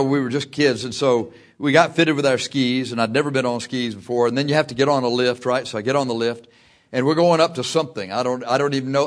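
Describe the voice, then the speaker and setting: A man with a medium-pitched voice preaches a sermon built around a personal story. His delivery is lively, he laughs often, and he shouts at the big moments.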